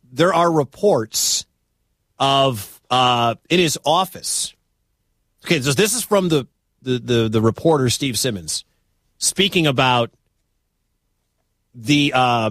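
A man from the American Midwest hosting a sports talk radio show, talking in an animated, incredulous, conversational way. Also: mid-range voice, dry recording, clean studio sound.

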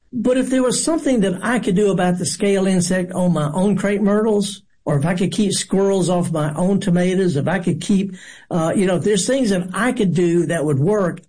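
A man's voice: sits high, a little mellow, husky. A man hosting a gardening radio show in a studio, talking in a folksy, rambling way and telling corny jokes. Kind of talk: casual radio talk.

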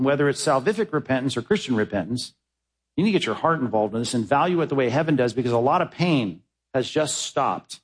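A man's voice: mid-range voice, animated, a little fast, husky, low-quality recording. A man, a pastor, preaching a sermon in an emphatic, conversational way, rising sharply for emphasis.

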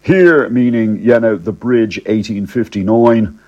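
A man telling a comic first-person story in a cheeky, deadpan, slangy way. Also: on the low side, unhurried, muffled recording.

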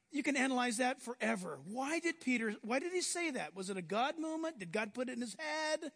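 High pitched guy preaching, super animated, long echo like a big hall. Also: brisk, few pauses. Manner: animated, acts out biblical scenes in voices. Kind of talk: sermon.

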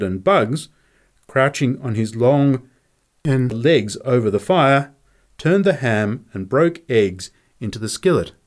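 A man narrating a classic short story for an audiobook, taking his time over every line. His middle-pitched voice rises and falls expressively as he reads. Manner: slow, lively expressive reading.

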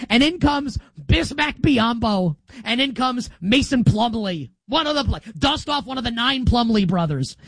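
A male sports talk host in full monologue, sarcastic and emphatic, his pitch swinging up and down for effect. The sound is dry and close, with no room around it. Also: a bit bright, no room sound.

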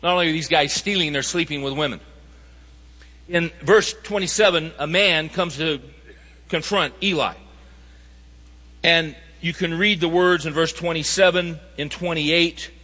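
A man's voice: on the high side, unhurried, sharp tone. A man preaching a sermon, emphatic and asking the audience rhetorical questions. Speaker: pastor. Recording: reverberant hall sound.

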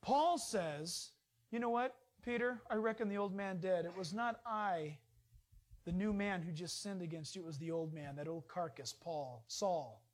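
A middle-aged man preaching a sermon as pastor, animated and emphatic, with rising emphasis. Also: high voice, moderate pace.

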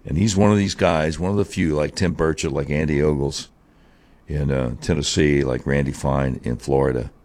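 A man's voice: very deep voice, steady tone, normal speed, a little mellow. A man hosting a political talk show, giving opinionated commentary between played clips. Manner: opinionated, drawling, mocking asides. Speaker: radio talk host.

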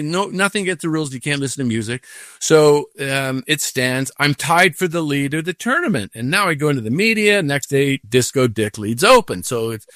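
Older man telling animated stories. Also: fairly high pitch, dry recording, studio quality. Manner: animated storytelling with acted-out inner voices. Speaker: guest, professional golfer. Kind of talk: casual storytelling.

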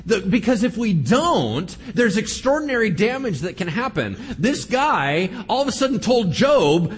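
A man preaching a humorous Bible-teaching sermon, animated and sarcastic. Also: sits high, a little slow, hardly any pauses, breathy edge. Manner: animated and sarcastic, acting out scripture characters.

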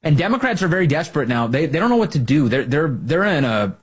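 Combative husky-voiced man, lively delivery. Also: on the high side, fast. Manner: combative, sarcastic, emphatic. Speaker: political commentary host. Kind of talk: opinion monologue.

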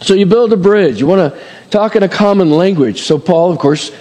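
A middle-aged male pastor with a fairly high voice delivers a folksy, conversational sermon full of asides and fillers. His words ring out with a long reverb, as in a large hall. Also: a little fast, dark tone.

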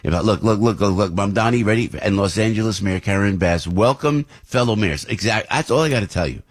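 A male radio host in the studio, talking into the mic in a husky, slightly rough voice. He rambles through his opinions with restarts and asides. His pitch jumps up sharply whenever he gets indignant. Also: a little fast. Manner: rambling and heated, voice leaps up when outraged. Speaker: radio talk show host. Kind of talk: opinionated morning radio talk.

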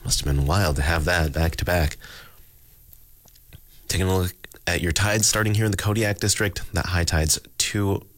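A man hosting a local radio show, reading the weather and tides in a relaxed, chatty way. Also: sits low, moderate pace, long pauses, no echo. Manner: relaxed, chatty, reads figures with asides. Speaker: radio host. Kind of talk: casual radio announcing.

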